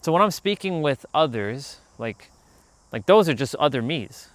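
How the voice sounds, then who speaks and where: A man hosting a casual outdoor livestream, talking in a rambling, animated way and calling out to people passing by. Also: a little high, normal speed, dry recording. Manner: rambling, animated, calls out to passersby. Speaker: livestream host. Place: outdoors near a park.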